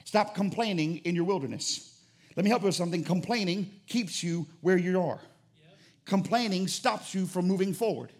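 A male pastor with a high voice preaches a sermon at a moderate pace, his delivery emphatic and driving. He fires rhetorical questions at the congregation and at times rises to shouted declarations.

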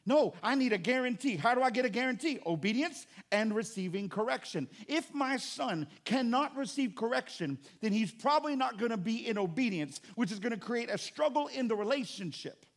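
A man preaching a sermon as pastor, animated and conversational, with joking asides to the congregation. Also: very high-pitched, brisk, hardly any pauses.

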